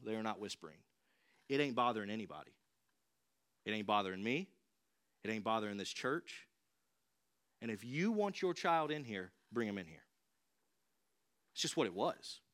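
A man's voice: medium pitch, fairly bright tone. A young adult man preaching a sermon in a conversational, emphatic and direct way, as the church's pastor.

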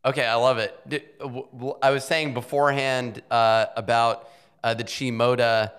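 Smooth-voiced laid-back podcast host man. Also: medium pitch, little pitch movement, normal speed, fairly bright tone. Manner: laid-back, joking, plugs sponsors. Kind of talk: casual podcast interview.

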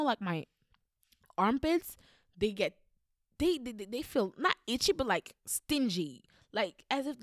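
A woman's voice: medium pitch, no room sound, studio quality. A woman vlogger telling a personal story in a blunt, heated manner, swearing constantly. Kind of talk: storytelling monologue.

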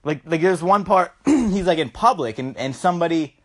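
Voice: medium pitch, animated, normal speed. A speaker reviewing a movie in a casual, rambling, profane way.

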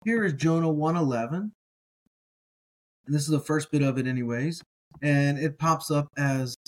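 A middle-aged man teaching a word-by-word reading lesson, sounding out each word slowly and repeating it several times, in a relaxed and encouraging way with frequent ums and uhs. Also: fairly high pitch, poor audio. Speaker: Hebrew teacher.

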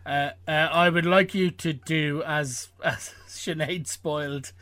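A man's voice: on the high side, fairly even intonation, takes it slowly, crowd noise. A man co-hosting a podcast, bantering playfully and teasing his co-host. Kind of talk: casual comic banter.

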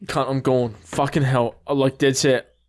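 A man's voice: medium pitch, little pitch movement, normal speed. A tipsy man co-hosting a casual podcast, swearing and leaning right on the mic. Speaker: podcast co-host.

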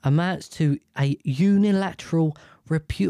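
A man's voice: medium pitch, a little slow, dark tone, no echo. A man reading news stories aloud, stumbling over hard words and ranting about them with lots of swearing. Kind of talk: casual reaction commentary.

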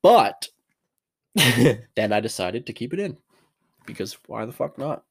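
A man's voice: mid-range voice, sing-song, measured pace, gravelly, husky. Rambling, joking man in his bedroom. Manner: rambling, profane, self-mocking jokes. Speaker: vlogger. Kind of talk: casual rambling monologue.

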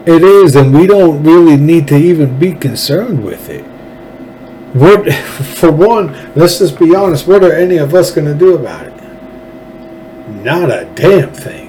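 A man's voice: on the high side, big pitch swings, unhurried, warm tone, low-quality recording. A man from Texas hosting a solo political show, ranting in a blunt, profane and sarcastic way. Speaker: political talk show host.

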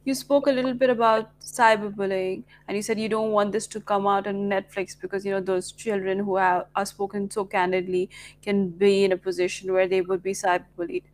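Woman host, even, level delivery, measured questioning. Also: medium pitch. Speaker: podcast host. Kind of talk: interview questions.

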